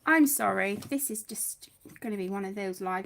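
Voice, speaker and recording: A woman's voice: medium pitch, normal speed, creaky, a bit bright, a little hiss or hum. A woman hosting a chatty craft livestream from home, a little flustered, talking to herself as she works and greeting viewers fondly as sweetheart. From United Kingdom. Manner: flustered, talks to herself while working, calls viewers sweetheart. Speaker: livestream host.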